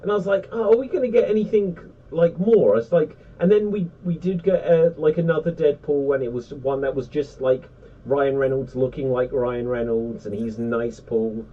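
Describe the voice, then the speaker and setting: A man's voice: medium pitch, normal speed. Rambling chatty man, lo-fi distant mic. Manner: rambling, animated, many fillers. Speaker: panelist on a geek pop-culture show. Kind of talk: casual chat.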